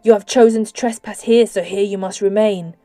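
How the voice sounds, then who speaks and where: Woman voicing a gravelly slimy lake creature. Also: steady tone, brisk, dark tone, dry recording, soft background music, natural voice. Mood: cold, dismissive. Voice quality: deep gravelly voice. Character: small slimy male lake creature, cold and callous. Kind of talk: audiobook character voice.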